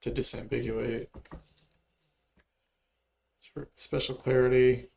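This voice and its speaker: A man's voice: medium pitch, level tone, slow pace, vocal fry, darkish tone, slight background noise. A man casually talking through music notation on a livestream, mumbling and thinking aloud as he works. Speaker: music producer streaming his work.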